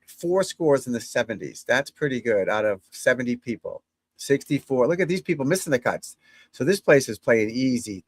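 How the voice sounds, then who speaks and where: A chatty male golf instructor rambling through a casual home broadcast in an ordinary mid-range voice. He keeps talking straight to his viewers, and the sound is dry and close, with no room echo. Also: mid-range voice. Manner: rambling, chatty, breaks off to talk to his dog. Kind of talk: casual live chat to viewers.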